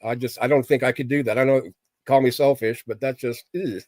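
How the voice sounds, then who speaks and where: A middle-aged man at a medium pitch chats casually with his livestream viewers. He rambles in a plain-spoken, candid way, full of fillers. The recording sounds dry and close, with no room echo. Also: fairly even intonation, a little fast, darkish tone. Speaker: livestream host chatting with viewers.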